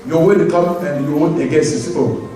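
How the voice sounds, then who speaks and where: A pastor delivering a sermon in a high voice, with emphatic and repetitive phrasing in non-standard English. He keeps drawing answers from the congregation. The recording is heavily echoey, with his voice heard from some distance off the mic. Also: steady tone, moderate pace, dark tone, a little hiss or hum. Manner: asks the congregation for responses.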